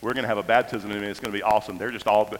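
A man's voice: on the low side, fairly even intonation, rapid-fire. A man, a pastor telling a story in a sermon, talking conversationally with restarts and repeats, building to impassioned moments. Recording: reverberant hall, faint noise.

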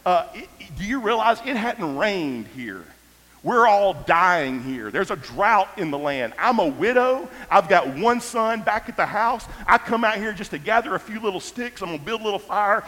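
A preacher doing a frantic widow mother, high and strained, loud and pleading, echoey hall. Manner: exasperated, pleading, rising in pitch. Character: desperate poor widow woman, frantic mother.

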